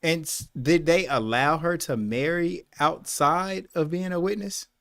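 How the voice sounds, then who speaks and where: A man co-hosting a podcast, asking questions in a halting way with restarts. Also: on the high side, gravelly, fairly bright tone, dry recording, studio quality. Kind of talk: casual interview questions.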